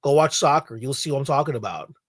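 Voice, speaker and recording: A man's voice: mid-range voice, fast, dry recording. A male podcast host lectures his co-host in a blunt, profane rant. His voice sits in a middling range and sounds dry and close, with no room around it. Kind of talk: casual ranting chat.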